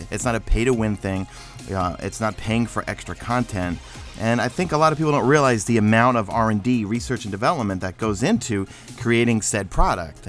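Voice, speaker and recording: A man's voice: medium pitch, a bit bright. A man co-hosting a casual gaming discussion, thinking aloud with lots of fillers and restarts. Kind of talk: casual chat.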